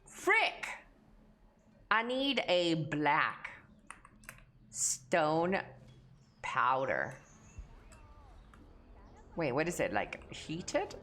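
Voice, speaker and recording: A woman's voice: low-pitched, very animated, extremely slow, pauses often, fairly bright tone, a little hiss or hum. A woman from Mexico, a streamer chatting casually and crudely with her viewers, playful and joking. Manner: crude, playful, talks to chat, hums and sings nonsense. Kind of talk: casual livestream chat.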